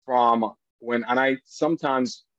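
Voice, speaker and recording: A man guesting on a podcast, telling stories about his family with lively energy and sudden high jumps when he quotes others. His voice sits at an ordinary male pitch. The recording sounds dry and a little dull, with no room echo. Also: measured pace. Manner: animated storyteller, voice jumps high for quoted lines. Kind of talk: storytelling in a podcast interview.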